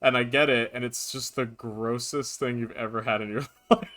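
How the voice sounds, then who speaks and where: A man streaming a video game live, chatting casually and rambling through animated anecdotes. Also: medium pitch, normal speed.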